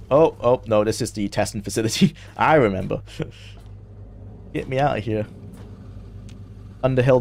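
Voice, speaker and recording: A man's voice: medium pitch, darkish tone. A young man chatting casually on a game stream, laughing often and talking to his chat.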